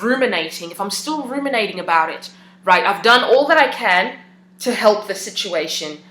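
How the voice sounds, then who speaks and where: A woman with a bright, clear voice talks in a relaxed, personal way. She often hesitates and restarts her sentences. The room around her rings with a noticeable echo. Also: medium pitch. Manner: conversational, hesitant, many fillers and restarts. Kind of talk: casual personal talk. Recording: echoey room.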